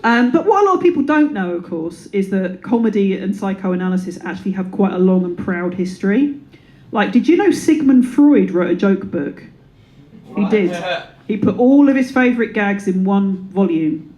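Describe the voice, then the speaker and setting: A woman's voice: mid-range voice, lively intonation, normal speed, warm tone, low-quality recording. A woman in her thirties performing a stand-up comedy set, playful and self-deprecating, slipping into silly voices. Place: comedy club before a live audience. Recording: live room with audience laughter.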